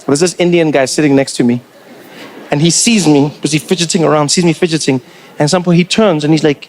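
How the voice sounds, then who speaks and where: Animated South African male comedian. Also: fairly high pitch, fast, a little hiss or hum. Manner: animated, acts out other people's voices. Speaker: stand-up comedian. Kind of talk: stand-up comedy routine.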